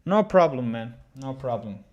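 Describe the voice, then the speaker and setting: Halting male chess streamer. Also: medium pitch, animated, a little mellow, dull audio. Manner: halting, with many restarts, chatting with viewers. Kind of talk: casual livestream chat.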